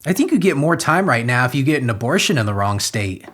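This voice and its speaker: A man hosting a comedy podcast, reading news stories aloud and riffing on them with crude, sarcastic jokes and sudden loud outbursts. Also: medium pitch, sing-song, fast talker.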